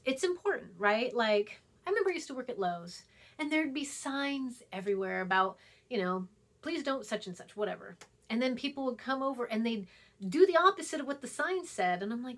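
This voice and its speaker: A woman who teaches college writing delivers a recorded online lecture, chatty and emphatic, repeating herself and lowering to a hushed voice for asides. Her voice is a little high.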